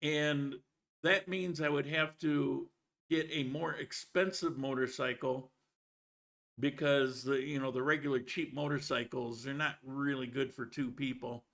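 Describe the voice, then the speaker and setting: Slow gravelly man chatting on a live stream. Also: mid-range voice, steady tone, a bit bright. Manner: greets viewers by name, rambling with restarts. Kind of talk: casual live stream chat. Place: living in Colombia.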